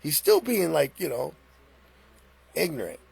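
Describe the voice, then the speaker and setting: A middle-aged man hosts a live stream and retells a story in loose, animated chat. His voice is raspy and husky, with a heavy gravel, and sits a little high for a man. He trips and restarts as he goes. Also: a little slow. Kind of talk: casual storytelling.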